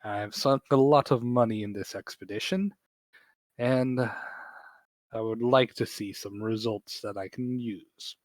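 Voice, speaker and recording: A man's voice: medium pitch, fairly even intonation, unhurried, dry recording, lightly acted. A man playing a scornful rich bird patron. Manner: dismissive, condescending. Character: wealthy scheming male bird patron.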